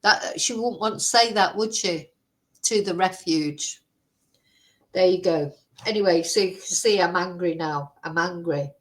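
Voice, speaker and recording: A woman's voice: on the low side, animated, unhurried, rough recording. A woman vlogger giving heated, indignant commentary, exclaiming in outrage. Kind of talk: angry ranting commentary.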